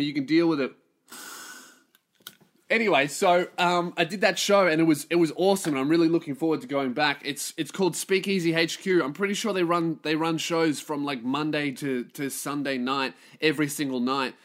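A brash Australian man with a fairly high, bright, forceful voice, riffing through a casual comedic monologue. He swears freely and rambles from one story to the next. He keeps cracking himself up along the way. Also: steady tone, fairly quick, hardly any pauses. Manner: profane, rambling, laughs at his own jokes. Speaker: stand-up comedian and podcast host.

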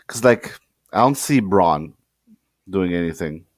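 A man's voice: sits low, lively intonation, measured pace, no echo, clean studio sound. A man co-hosting a casual wrestling chat, speaking in short laid-back remarks while losing his voice. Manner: terse, laid-back, questioning. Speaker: podcast co-host.

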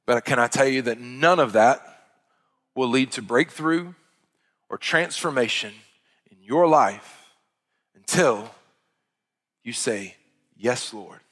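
A man preaching with fervor, his voice climbing high and loud at the peaks, then sinking to near-whispers. His voice has a middling pitch and rings out with a long reverb, as in a large church hall. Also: slow, pauses often. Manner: impassioned preaching that swells loud and high, then drops to hushed tones. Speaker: pastor. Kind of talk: sermon.

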